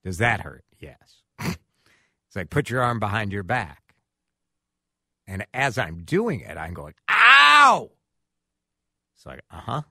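A man hosting a radio talk show, telling a story in a casual, animated way and acting out quotes. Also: deep voice, unhurried, long pauses, dry recording, studio quality.

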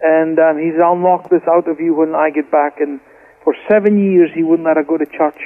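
This Scottish guest preacher, speaking by phone, has a fairly high voice with a steady tone and a fairly quick pace. He recounts his family's testimony fervently, repeating words often in impassioned storytelling.

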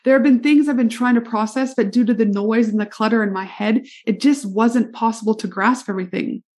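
Middle-aged canadian-born lady doing her solo podcast, bubbly coach energy, kinda high voice. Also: a little fast, a little mellow. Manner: upbeat, enthusiastic, addresses listener directly. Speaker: podcast host, business coach.

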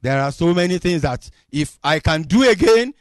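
High, lively-voiced male preacher. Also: normal speed, no echo. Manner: expressive, acts out dialogue with God. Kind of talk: sermon.

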